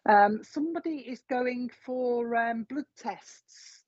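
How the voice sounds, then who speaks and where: A woman psychic medium giving a live reading, passing on spirit messages and repeating the quoted phrases with frequent pauses. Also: on the high side, darkish tone, dry recording. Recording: dull lo-fi recording.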